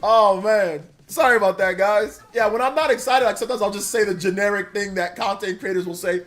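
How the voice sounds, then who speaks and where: A man's voice: sits high, fairly quick, fairly bright tone, faint music behind. A man streamer chatting casually on a live reaction stream, rambling, laughing and reading donation messages aloud. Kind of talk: casual livestream reaction chat.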